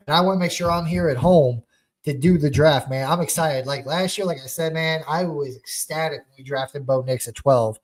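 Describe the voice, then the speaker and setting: A young man hosting a casual sports podcast, talking in an animated, rambling fan rant. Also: fairly high pitch, a little fast. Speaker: podcast host.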